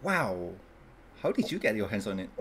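A man's voice: fairly low pitch, very animated, moderate pace, fairly bright tone, slight background noise. A man playing a character in a tabletop role-playing game who thinks aloud and asks playful questions. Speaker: player.

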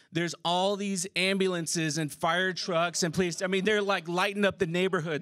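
A man telling a true personal story on a theater stage, casual and animated, swearing and laughing as he goes. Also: high voice, no room sound. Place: theater stage before a live audience. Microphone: stage microphone.

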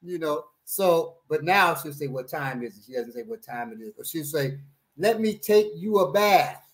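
A man's voice: on the high side, expressive, moderate pace, reverberant. A man in casual group chat, animatedly telling stories and acting out the voices of the people he quotes. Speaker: co-host.

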